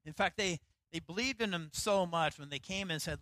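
A middle-aged man pastor preaching a sermon, telling a personal story with lively acted-out quotes. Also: sits high, normal speed, hardly any pauses, no room sound, rough recording. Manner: storytelling, animated, acts out quotes.

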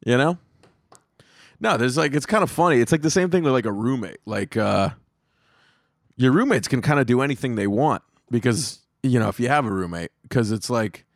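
A man's voice: mid-range voice, dry recording, studio quality. A man hosting his own comedy podcast, telling rambling, profane stories in a casual monologue. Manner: profane, rambling, animated storytelling.

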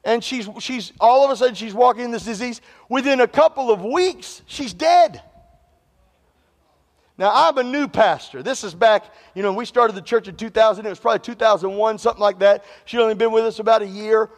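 A male pastor with a drawl and a high voice. He preaches in a call-and-response way, teasing the congregation with humorous stories and calling for them to answer back. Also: a little fast, long reverb tail. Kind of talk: sermon.

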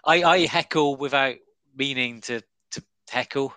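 A man's voice: medium pitch, a little slow, pushed and bright, no room sound. A man, a stand-up comedian, chatting as a guest over an online call, rambling with lots of fillers and restarts and chuckling as he goes. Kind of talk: casual interview chat. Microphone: online call app.

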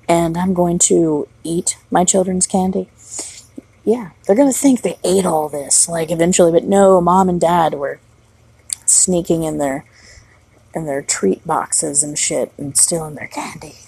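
A woman in her thirties talks outdoors at night in a rambling solo vlog, blunt and swearing constantly. Her voice is deep for a woman, very husky and thick with gravelly fry. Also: a little slow, mellow, no echo, rough recording. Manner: blunt, heavily profane rambling talk. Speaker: mother of young children. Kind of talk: casual solo vlog monologue.

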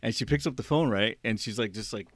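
A man's voice: fairly low pitch, fast talker, dry recording. A man co-hosting a podcast, telling a funny story in casual chat. He laughs as he talks and acts out what people said. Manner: animated, laughing storyteller who acts out quotes. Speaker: podcast co-host.

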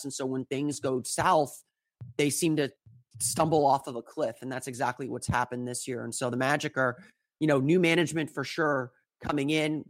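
A man's voice: a little high, dry recording. Hesitant male guest analyst, dry sound. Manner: hesitant, restarts often. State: recovering from illness, slight cough. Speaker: podcast guest, team analyst. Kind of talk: casual interview answers.

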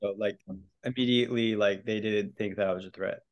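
A man's voice: fairly low pitch, fairly quick. A young man from Hawaii, a podcast guest telling stories casually, laughing often, swearing and acting out the lines of others. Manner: animated, laughing, swears often, acts out quotes. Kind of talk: casual storytelling.

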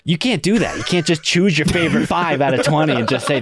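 A man's voice: fairly high pitch, animated, moderate pace, over a noisy crowd. A man co-hosting a podcast, telling a story in a casual, joking way and laughing mid-sentence.

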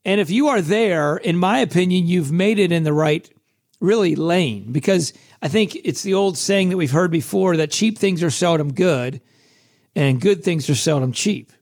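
A middle-aged man with a hoarse, scratchy voice, hosting a casual solo podcast in a chatty, self-deprecating way. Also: fairly high pitch, expressive, normal speed, darkish tone. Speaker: podcast host.

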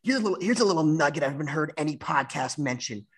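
Gravelly husky man trash-talking. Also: on the high side, lively intonation, fast. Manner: profane, mock-intense trash talk. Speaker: podcast co-host. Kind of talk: casual joking banter.

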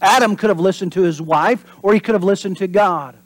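A pastor delivering a sermon in an animated preaching manner. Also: male voice, sits high, brisk, no echo. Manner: animated preaching, acts out voices and drops to whispers for emphasis.

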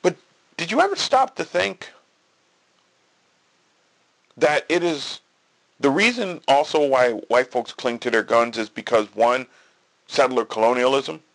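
Man, podcast host, casual monologue, gravelly husky voice, restarts. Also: mid-range voice, unhurried, long pauses, fairly bright tone. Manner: storytelling with quoted dialogue, repeats and restarts.

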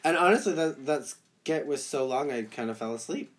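Relaxed man chatting about a show. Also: medium pitch, moderate pace. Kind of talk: casual chat recapping a TV show.

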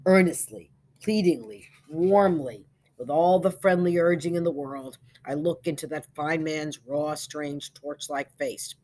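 A woman narrating a literary short story in a measured, lyrical way with soft trailing endings. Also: low voice. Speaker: audiobook narrator.

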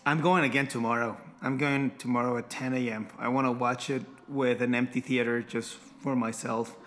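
A man's voice: medium pitch, fairly even intonation, normal speed, fairly bright tone. A man in casual conversation about a film, enthusiastic and often repeating words as he talks. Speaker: movie fan discussing a film. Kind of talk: casual chat.

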